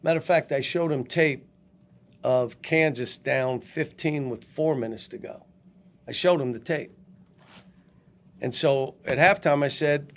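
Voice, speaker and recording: Older male head coach, gravelly, blunt and halting, speaking into a table mic at a post-game press conference. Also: mid-range voice. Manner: blunt, halting, frequent restarts.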